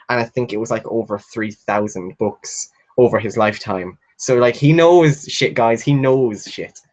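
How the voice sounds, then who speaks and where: A man's voice: mid-range voice, dull audio. Gushing, rambling young man on a livestream. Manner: rambling and gushing, with frequent "like" fillers and swearing; reads viewer comments aloud and answers them. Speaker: booktuber hosting a live stream. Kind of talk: casual live-stream chat.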